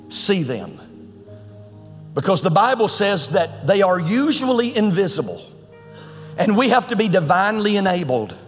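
An emphatic male preacher with a fairly high voice delivers a storytelling sermon in a colloquial style. His voice carries long church-hall reverb with faint music underneath.

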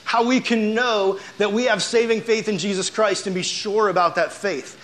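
A young man preaching to a youth group in an animated, casual storytelling style, full of "like". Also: high-pitched, moderate pace. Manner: animated, chatty, heavy use of "like". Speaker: youth pastor.

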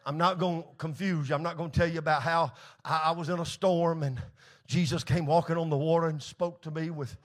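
A man preaching an impassioned sermon as pastor, often shouting out his lines. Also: fairly high pitch, moderate pace.

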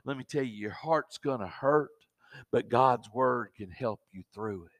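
A man's voice: medium pitch, moderate pace, no room sound. A man preaching a sermon, often repeating words as he builds up.

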